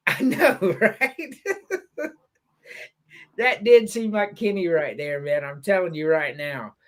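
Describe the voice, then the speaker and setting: A man's voice: high voice, slow, pauses often. A man hosting a podcast in casual chat, telling stories loosely and swearing as he laughs along. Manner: animated, laughing, profane storytelling. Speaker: podcast host.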